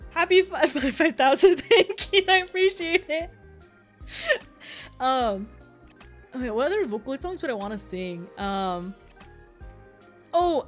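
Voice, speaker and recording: A young woman streaming, chatting casually with her chat, laughing often and tripping over restarts. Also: on the high side. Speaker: VTuber streamer.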